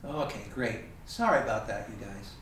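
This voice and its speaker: In a training room with a heavy bag, a man teaches a tai chi class over video, chatting and correcting himself as he demonstrates the moves. His voice is lowish and fairly bright, with lively intonation at normal speed. The room is very echoey, the mic is distant, and there's a faint hiss.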